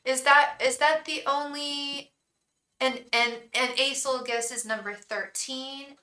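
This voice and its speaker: A woman's voice: high-pitched, fairly even intonation, takes it slowly, sharp tone, reverberant. A woman hosting a live tarot stream, chatting effusively with viewers, greeting them by name and stopping to restart her sentences. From England. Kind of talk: casual live-stream chat.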